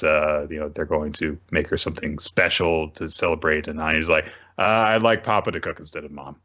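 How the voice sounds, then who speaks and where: A man co-hosts a podcast, casually recapping manga chapters in a low-pitched, slightly bright voice over dull audio. He rambles, often correcting himself and tossing in asides.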